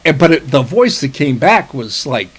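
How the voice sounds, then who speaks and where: Swearing freely and starting sentences over, this middle-aged podcast co-host rambles through a long story in casual conversation. He has a husky, medium-pitched voice with big pitch swings and a moderate pace.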